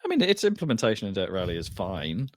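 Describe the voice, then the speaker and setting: Animated low-voiced man. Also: fast, dry recording, clean studio sound. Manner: rambling, with many restarts and fillers. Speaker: podcast co-host. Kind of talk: casual chat.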